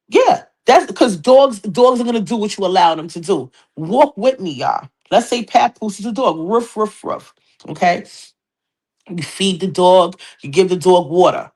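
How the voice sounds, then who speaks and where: A middle-aged woman hosting a hip hop gossip show, brash, profane and animated, talking straight to viewers. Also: medium pitch. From New York City, Queens. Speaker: podcast host.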